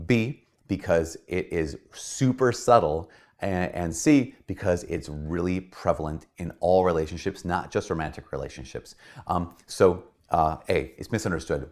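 A priest with a low, deep voice gives a relaxed teaching talk. He speaks conversationally and animatedly, slipping in little acted-out quotes as he explains. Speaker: Catholic priest.

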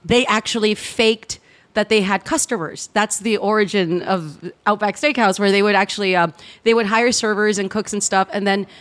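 Animated woman from South Texas telling stories. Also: medium pitch, normal speed. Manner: animated storyteller, laughs often. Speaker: guest comedian. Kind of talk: casual podcast chat.

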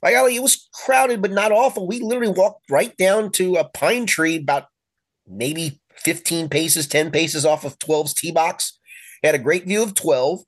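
A man's voice: fairly high pitch, moderate pace, no echo. A man hosting a sports podcast, telling stories in a casual, chatty way and acting out the lines of friends. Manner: animated anecdotes, acts out quoted friends. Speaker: podcast host, sports columnist. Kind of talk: casual sports chat, storytelling.

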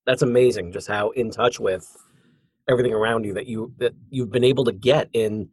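A man interviews a guest and reacts in a halting voice, groping for the right words. His voice is raspy and dry, with no room sound around it. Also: mid-range voice, steady tone, darkish tone, dry recording, rough recording.

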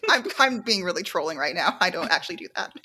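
A woman's voice: lowish voice, sing-song, fast, sharp tone, slightly rough. A woman co-hosting a podcast in casual chat, teasing and agreeable. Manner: teasing, agreeable, many short backchannels. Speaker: podcast co-host.

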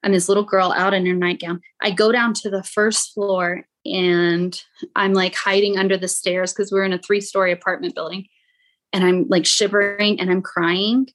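A young adult woman, a podcast guest, telling her own painful story in a halting way, with many "like" fillers. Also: mid-range voice, little pitch movement, a bit bright. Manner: halting, frequent "like" fillers, quotes others in raised voice. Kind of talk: emotional personal storytelling.

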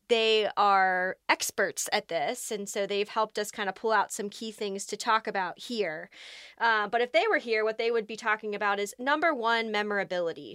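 A woman's voice: medium pitch, sharp tone, smooth, no room sound, studio quality. A woman co-hosting a podcast, chatting casually with many fillers and easy laughs. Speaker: podcast co-host.

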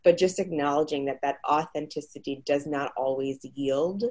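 A woman speaking as a guest, explaining research in a measured, explanatory way. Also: sits low, darkish tone. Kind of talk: advice-giving conversation.

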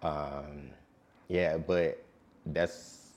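Man, late twenties, very low voice, calm laid-back DJ guest. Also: very slow, a little hiss or hum. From Detroit. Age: late 20s. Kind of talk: casual interview.

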